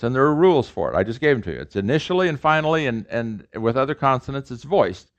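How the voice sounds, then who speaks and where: A man's voice: medium pitch, quick pace, dull audio. Emphatic man lecturing on pronunciation. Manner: lively, emphatic, repeats sounds to demonstrate them. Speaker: professor teaching a language class. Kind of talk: lecture to a live audience.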